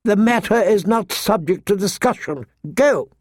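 A man's voice: sits high, expressive, moderate pace, dry recording, clean studio sound, pitched above the performer's own voice. A man doing a prim, scolding older septa. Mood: stern. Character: stern older female septa, prim governess. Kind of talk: audiobook reading.

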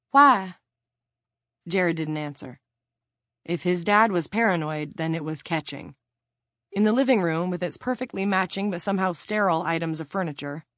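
A woman reading a novel aloud in steady, measured storytelling narration. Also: on the low side, dry recording, studio quality. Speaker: audiobook narrator. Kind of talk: scripted narration.

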